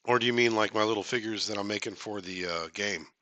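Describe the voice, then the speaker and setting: A man's voice: lowish voice, quick pace, pushed and bright, dry recording. A man hosting a casual live stream, chatting with viewers in a rambling, joking way, full of fillers and restarts.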